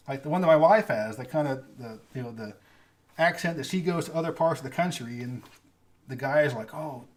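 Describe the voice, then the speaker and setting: A man from California with a Californian accent, hosting a casual livestream and answering viewer questions in a rambling, chatty way with small laughs. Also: a little high. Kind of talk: casual live-stream chat.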